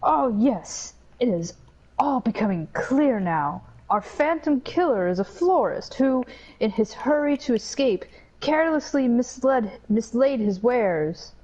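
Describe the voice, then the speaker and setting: A woman's voice: on the high side, animated, measured pace, a little mellow, highs cut off, voice pushed up. A woman reading the lines of a pompous, grandiloquent male inspector from a game. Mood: deducing. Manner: pompous, theatrical.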